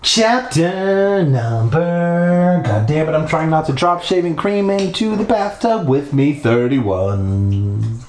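A man reads a spooky children's book aloud from his bathtub, tossing in crude, irreverent asides. He reads slowly, with a voice that rises and falls widely. The bathroom walls give it a strong echo. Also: on the high side, animated, a little mellow, slight background noise. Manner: irreverent, swearing ad-libs. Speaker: reader. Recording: echoey bathroom.

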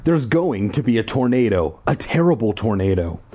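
A man's voice: big pitch swings, moderate pace, mellow, husky. A man reading aloud, voicing a frantic young girl who cries out shrilly. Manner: shrill crying delivery.

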